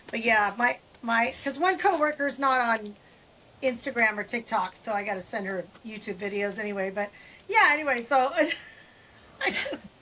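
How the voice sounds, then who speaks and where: An older woman co-hosting a casual chat podcast, frank and quick to laugh. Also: on the high side, fairly bright tone, a little hiss or hum, poor audio. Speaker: podcast co-host. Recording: voice a bit off-mic.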